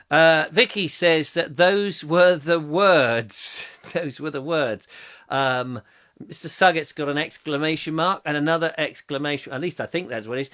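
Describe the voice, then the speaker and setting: A man's voice: a little high, sharp tone. A middle-aged man hosting a live comic chat show, reading out viewer comments in a playful, rambling way. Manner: playful, rambling, quick to slip into silly voices.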